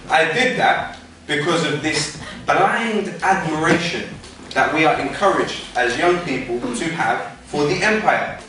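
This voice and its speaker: A man's voice: fairly high pitch, expressive, unhurried, bright, forceful tone. British man asking pointed questions in a very echoey hall. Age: young adult. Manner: passionate rhetorical questioning. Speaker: rapper and activist. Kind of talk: public talk. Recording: echoey room, far from mic, faint music.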